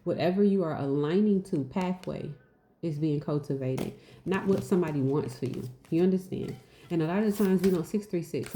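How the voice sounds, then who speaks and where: Woman w a low mellow voice doing a spiritual talk, repeats stuff, keeps saying right?, echoey room. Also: slight background noise. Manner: repetitive, emphatic, asks "right?"; goofy and laughing at herself. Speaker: spiritual teacher. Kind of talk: casual spiritual message.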